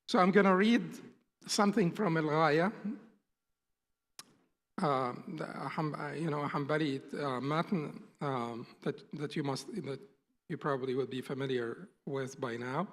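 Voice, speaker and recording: Man lecturing, slightly high voice, echoing hall. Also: measured pace, fairly bright tone. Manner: patient, explanatory, often rephrases and restates terms. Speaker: instructor. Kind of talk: classroom lecture.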